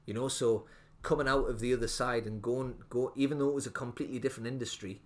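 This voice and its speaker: Guesting on an easygoing podcast, a man who owns a restaurant wanders through his story, filling it with "like" after "like." His mid-range voice moves fast and keeps a fairly even intonation.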